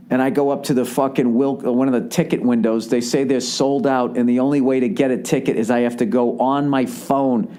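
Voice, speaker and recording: A man's voice: medium pitch, a little mellow. Profane rambling man telling a story. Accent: Boston. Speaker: podcast host. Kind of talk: casual comedic monologue.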